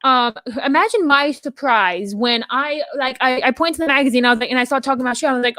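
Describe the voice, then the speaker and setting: Woman, slightly high voice, rambling casual chat, dry close sound. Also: fast, few pauses, no room sound. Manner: rambling, animated storytelling with many restarts. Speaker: podcast co-host.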